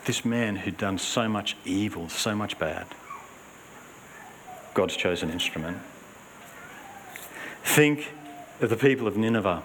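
A man preaching a sermon in an earnest, emphatic way, swinging between raised urgency and hushed emphasis. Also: on the low side, measured pace, long pauses, slight background noise.

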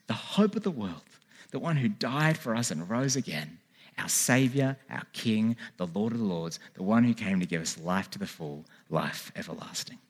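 A man delivers a church sermon in a fairly low voice. He pleads earnestly with his listeners and urges them to respond. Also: husky. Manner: earnest, pleading calls to repent. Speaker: preacher. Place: church hall with a congregation.

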